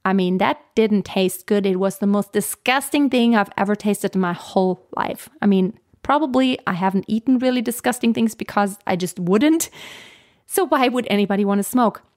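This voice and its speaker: A woman's voice: medium pitch, normal speed, darkish tone. A woman vocal coach giving a casual teaching talk, chatty and laughing often as she restarts her sentences.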